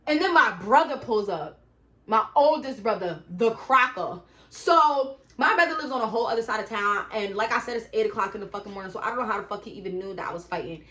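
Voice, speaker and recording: A young woman casually telling a profane storytime, acting out her own shouting in a lively way. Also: medium pitch, quick pace, reverberant. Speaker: vlogger.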